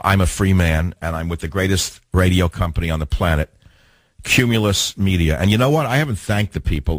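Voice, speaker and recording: A man's voice: low voice, no echo. An older man hosting a talk radio show, delivering an opinionated, combative monologue with rhetorical questions. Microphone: studio mic.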